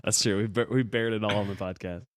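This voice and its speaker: A young man co-hosting a podcast in casual chat, easygoing and quick to laugh. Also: lowish voice, steady tone. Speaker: podcast co-host.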